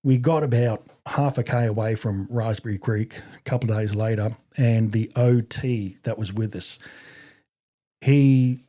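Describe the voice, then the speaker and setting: A man's voice: lowish voice, unhurried. A middle-aged Australian man, a podcast guest and army veteran, telling a story casually and profanely, acting out what others said. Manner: profane, animated, acts out quoted voices.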